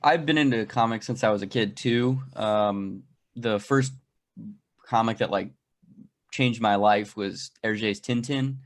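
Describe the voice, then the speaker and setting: A man, a guest on an interview show, talking casually in a dry, deadpan way that he says sounds sarcastic. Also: lowish voice, unhurried. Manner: dry, self-described sarcastic-sounding delivery. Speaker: comic creator guest.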